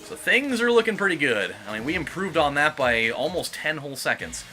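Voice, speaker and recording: A man casually rambling as he comments on a racing game, excitable during close moments. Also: a little high, a little fast. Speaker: let's play host. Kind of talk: gameplay commentary.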